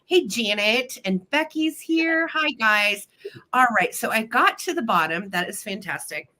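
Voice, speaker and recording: A woman from Missouri hosts a casual live-stream sale, greeting each viewer by name. Her voice is bright and clear, and it swoops up and down with lots of lively pitch movement. She sounds a little choked up, with a slight cough. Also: measured pace. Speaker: live vintage sale host.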